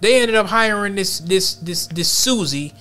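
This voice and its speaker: High-voiced man rambling on a podcast. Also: animated, measured pace, sharp tone. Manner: loose, rambling, streetwise slang. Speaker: podcast host. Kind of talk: casual commentary and storytelling.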